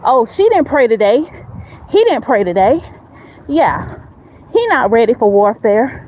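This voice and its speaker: A woman's voice: on the high side, big pitch swings, measured pace, dull audio. A woman voicing a sly, taunting devil who looks for people to trample. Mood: gloating. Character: taunting devil, scheming spiritual enemy.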